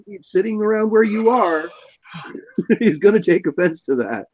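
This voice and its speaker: A man in casual chat, telling an animated anecdote with a chuckle. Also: sits high, moderate pace. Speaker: podcast host. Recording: dull lo-fi audio.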